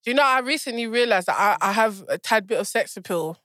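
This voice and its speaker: A woman's voice: a little high, lively intonation, fast talker, bright, forceful tone, no room sound, studio quality. A young woman with a slightly nasal voice, co-hosting a podcast with goofy, laughing banter. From Sierra Leonean heritage. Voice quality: slightly nasal, blocked-nose sound. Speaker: podcast co-host. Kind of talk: casual chat.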